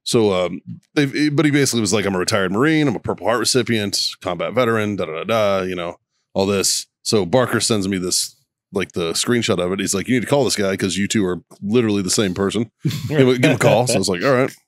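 A man's voice: lowish voice, fast, dry recording. A man co-hosting a podcast, telling profane stories in casual chat and laughing often. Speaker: podcast co-host.

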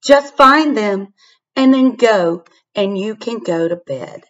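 A woman's voice: medium pitch, expressive, slow, muffled recording. A woman doing a kindly, reassuring policeman. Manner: gentle, reassuring. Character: kindly grown man policeman, calm and reassuring.

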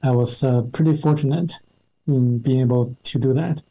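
A man's voice: medium pitch, steady tone, moderate pace, mellow, rough recording. A man whose first language is Chinese, a translator answering interview questions with many fillers and restarts. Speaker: guest, translator.

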